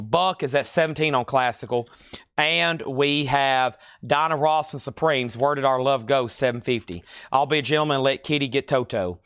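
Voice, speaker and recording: A man with a rural American country accent, hosting a live-stream record sale and calling out titles and prices in brisk patter with dry, joking asides. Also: mid-range voice, a bit bright, clear, resonant tone, no room sound. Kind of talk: live auction sales patter.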